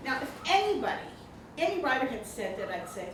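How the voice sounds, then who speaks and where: With a high voice, big pitch swings, and a brisk delivery, an older woman gives a laughing, chatty introduction of the author at a book reception. The setting is an indoor reception room; the audio is echoey and noisy, captured from a far-off mic.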